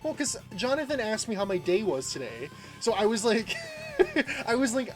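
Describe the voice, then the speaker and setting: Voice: mid-range voice, sing-song, a little fast, music in the background. A game streamer chatting casually and rambling through a story, laughing often and greeting viewers by name. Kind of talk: casual livestream chat while gaming.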